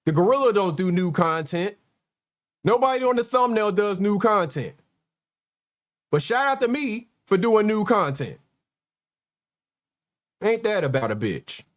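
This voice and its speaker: Man, host, sarcastic commentary, exasperated, high voice. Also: big pitch swings, a little slow, long pauses. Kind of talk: livestream commentary.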